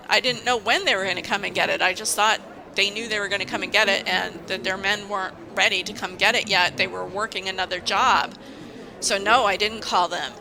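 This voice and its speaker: A woman's voice: mid-range voice, fairly even intonation, brisk, gravelly, sharp tone, slight background noise, rough recording. A woman who works at a university, venting in a casual vlog and telling her story in an indignant, emphatic way. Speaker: university staff member.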